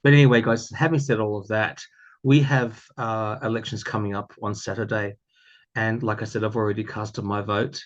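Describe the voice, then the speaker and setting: A man's voice: on the low side, flat delivery, moderate pace, dull audio. An Australian man chatting casually to camera, rambling with many fillers and restarts. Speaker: tarot YouTuber.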